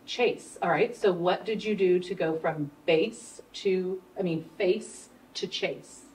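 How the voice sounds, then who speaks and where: A woman's voice: lowish voice, takes it slowly, a little mellow. Patient woman tutoring one-on-one, recorded from afar. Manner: patient, prompting step by step. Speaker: reading tutor. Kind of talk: one-on-one structured literacy lesson. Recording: faint room noise, mic at a distance.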